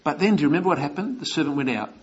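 Husky man preaching a sermon. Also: a little high, expressive, rapid-fire, highs cut off. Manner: storytelling, asking the listeners questions.

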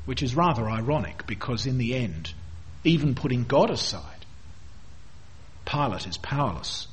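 A man teaching through a Bible passage verse by verse, with an expressive delivery that drops low at the ends of phrases. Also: moderate pace, long pauses, husky. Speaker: preacher.

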